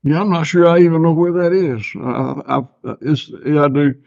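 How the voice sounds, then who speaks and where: A man's voice: a little high, moderate pace, creaky, darkish tone, no echo. An older man, a farmer guest, chatting casually in an interview with laid-back, dry self-mocking humor. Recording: slightly dull lo-fi sound.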